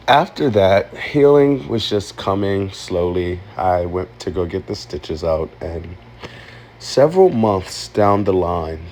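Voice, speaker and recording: A man telling a painful personal story, halting and emotional, close to tears. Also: deep voice, gravelly, darkish tone, slight background noise. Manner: emotional, halting, with many ums and likes. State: tearful. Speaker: vlogger.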